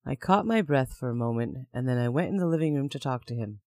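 A man's voice: medium pitch, animated, brisk, few pauses, darkish tone, no room sound, clean studio sound. A man narrating a first-person story in a plain, conversational way.

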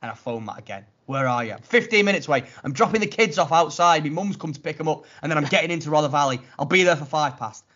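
A man telling a story in a casual chat, animated and mocking, acting out what others said. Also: on the high side, fast, hardly any pauses. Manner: animated, mocking retelling with acted-out quotes. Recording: lo-fi muffled audio.

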